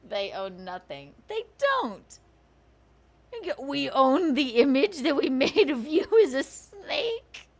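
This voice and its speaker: Sarcastic woman host, casual stream rant, giggly, lively pitch. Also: takes it slowly, long pauses. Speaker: livestream host.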